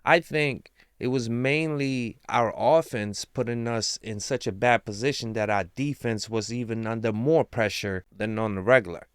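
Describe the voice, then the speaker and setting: A man giving casual, excited fan commentary with slang, rambling about his team. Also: mid-range voice, normal speed, few pauses, smooth, no room sound, clean studio sound. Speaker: sports commentator.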